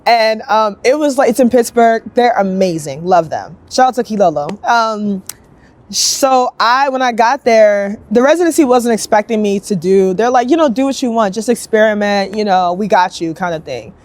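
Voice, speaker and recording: A young woman sculptor telling her story in a casual, upbeat interview, chatty and lively, acting out other people's lines as she goes. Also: medium pitch. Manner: chatty, upbeat, quick bursts, acts out quoted voices.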